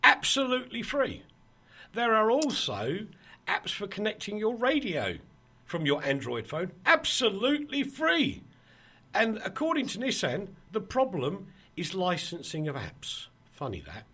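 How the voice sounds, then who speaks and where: Lively, husky man telling stories. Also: sits high, unhurried. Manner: animated, laughing storyteller with mock quotes. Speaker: radio show host. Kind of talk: casual chat, storytelling.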